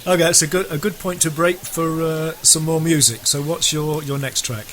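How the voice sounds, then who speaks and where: A male radio host asking questions of his guest, his voice sitting a little high. He talks hesitantly and leans on fillers between phrases. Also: steady tone, moderate pace, a bit bright, a little hiss or hum. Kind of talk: interviewing on air.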